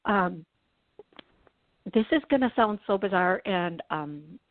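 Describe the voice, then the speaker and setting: A woman from the Midwest hosting a call-in radio show as a psychic medium, chatty and quick, with many restarts and laughs. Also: mid-range voice, lively intonation, no echo, phone-quality sound.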